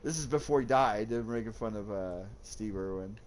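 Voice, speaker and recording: A man hosting a casual gaming chat, loud and jokey, swearing freely. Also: on the low side, normal speed, crowd noise. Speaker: gaming channel host.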